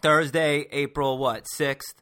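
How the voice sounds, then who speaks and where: Male podcast host, rambling and teasing, bright forceful tone. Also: on the high side, steady tone, slow pace. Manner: rambling, teasing, pushing for energy. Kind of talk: casual sports chat.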